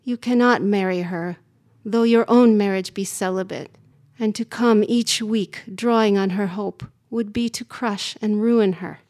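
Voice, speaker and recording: A woman voicing the Lord in a spoken story, grave, measured and admonishing. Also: medium pitch, steady tone, a little mellow, natural voice.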